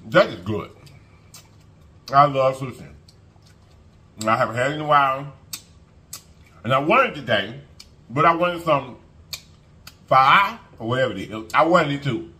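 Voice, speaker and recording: During a casual mukbang, a man keeps chatting folksily to viewers and hums while he eats. He speaks in a mid-range, sharp-toned voice, a little slowly, leaving long pauses.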